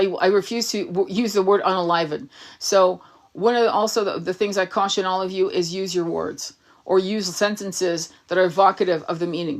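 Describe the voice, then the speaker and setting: A woman tarot reader and spiritual coach on a livestream, answering viewer comments bluntly, swearing often and firing off rhetorical questions. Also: lowish voice.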